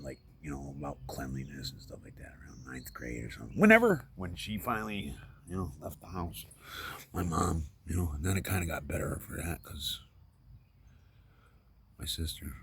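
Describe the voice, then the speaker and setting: A middle-aged man rambling candidly about his life in a personal vlog, halting and full of fillers and restarts, getting emotional so his voice keeps sinking to a near whisper. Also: a bass voice, vocal fry, fairly bright tone, slight background noise.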